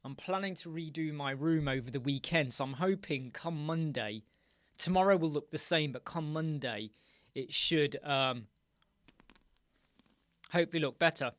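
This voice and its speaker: A man's voice: on the high side, moderate pace, a bit bright, dry recording, studio quality. A man hosting a live Q&A stream from his room, chatting casually and greeting viewers by name. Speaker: host.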